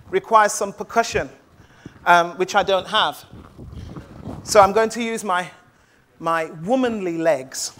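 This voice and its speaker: A woman storyteller telling a tale live to an audience in a playful, rhythmic, call-and-response manner. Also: medium pitch.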